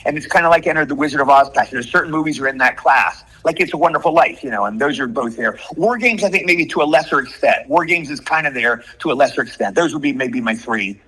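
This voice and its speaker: A man in his sixties, an actor telling animated stories with lots of repetition in an interview. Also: medium pitch, quick pace, few pauses, breathy edge, rough recording. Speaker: guest actor. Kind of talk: storytelling in an interview.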